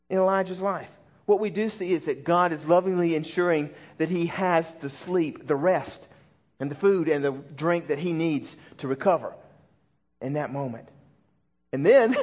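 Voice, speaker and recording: Earnest high-voiced Southern pastor. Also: male voice. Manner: earnest, lets his voice sink soft and low on key words. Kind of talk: sermon. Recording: dull lo-fi sound.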